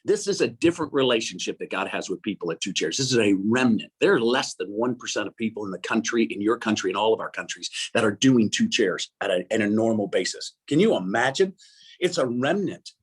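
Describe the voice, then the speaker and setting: An older man, a guest on an interview show, telling a personal story in a rambling, halting way with frequent laughs. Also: on the low side, lively intonation, breathy edge.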